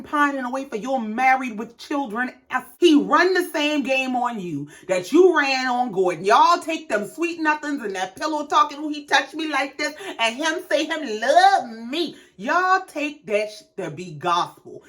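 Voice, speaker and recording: A woman's voice: on the high side, a bit bright. A woman giving a blunt, sarcastic, profanity-filled casual recap of a reality show episode.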